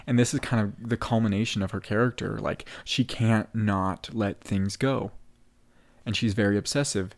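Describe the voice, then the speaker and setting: A man co-hosting a casual theatre podcast, retelling a play's scenes with lively quoted lines. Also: fairly low pitch. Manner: animated retelling with quick acted quotes. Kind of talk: casual podcast discussion of a play.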